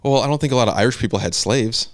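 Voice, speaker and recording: A man hosting a casual comedy podcast, talking in a deadpan, provocative way. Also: medium pitch, rapid-fire, dry recording. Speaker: host.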